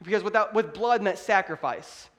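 A pastor delivers his sermon in a high, light male voice. He preaches emphatically but keeps it conversational, like he is talking straight to his congregation. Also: moderate pace, fairly bright tone. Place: church.

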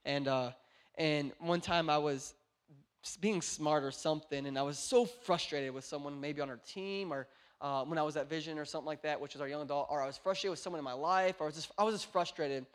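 A young man with a notably high voice preaches a sermon inside a church. He drops to a quiet, confiding tone for stories, then climbs back up to loud, shouted exhortation. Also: fairly quick. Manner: swings from hushed storytelling to loud shouted exhortation. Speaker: pastor. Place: indoor church.

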